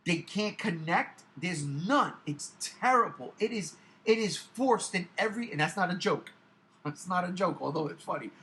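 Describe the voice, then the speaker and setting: Animated, profane man ranting to camera. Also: high-pitched, moderate pace. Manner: animated, profane, emphatic, repeats himself for effect. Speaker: YouTube channel host. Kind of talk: casual ranting commentary to camera.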